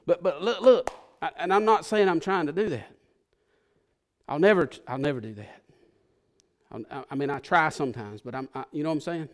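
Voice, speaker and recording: A man's voice: a little high, a little fast. Emotional preacher, man. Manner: emotional, conversational preaching that swings from hushed to fervent. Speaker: pastor. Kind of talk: sermon.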